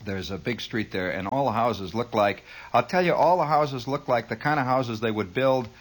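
Speaking at normal speed in a mid-range voice, a man hosts a radio show from the studio. His monologue rambles wryly and sardonically, full of digressions and mock-grandiose asides.

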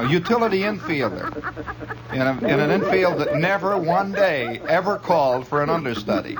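A middle-aged man telling rambling comic stories on the radio, chuckling often and jumping into high mock shouts. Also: low-quality recording. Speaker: radio monologist.

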